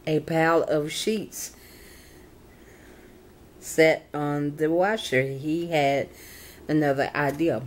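A young woman reading a children's storybook aloud, halting and fixing her slips as she goes. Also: low voice, steady tone. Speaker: channel host reading to reborn dolls.

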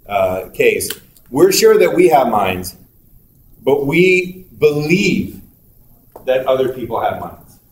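A male university lecturer giving a conversational classroom lecture, acting out little dialogues as examples. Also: medium pitch. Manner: conversational, acts out little dialogues with quick asides. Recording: echoey room, picked up from a distance with faint noise.

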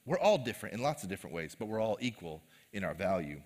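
Joking pastor in a reverberant hall. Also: male voice, lowish voice, big pitch swings, fast, a little mellow. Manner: casual, joking, conversational preaching. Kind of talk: sermon. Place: live church service.

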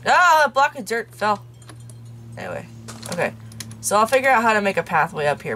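A young woman giving casual let's play commentary from a room in her parents' home, rambling and mocking herself, with quiet asides muttered under her breath. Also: medium pitch, very animated, fast talker, a little hiss or hum. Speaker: YouTuber playing a game.

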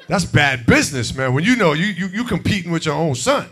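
A man's voice: on the high side, a little fast, few pauses, husky. A man hosting a comedy show, doing brash stand-up and talking to the audience from a stage mic. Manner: brash, animated, talks to the audience. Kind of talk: stand-up comedy and crowd work.

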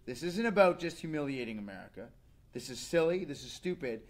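Male show host, thirties, higher-pitched, animated ranting delivery. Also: fairly quick. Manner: animated, swings into mocking voices. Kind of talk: casual comedic rant.

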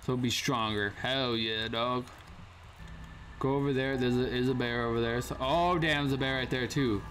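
A man's voice: medium pitch, steady tone, moderate pace, fairly bright tone, a little hiss or hum. A young man casually commenting on a survival game, slangy and prone to sudden startled yelps. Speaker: gaming channel host. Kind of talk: gameplay commentary.

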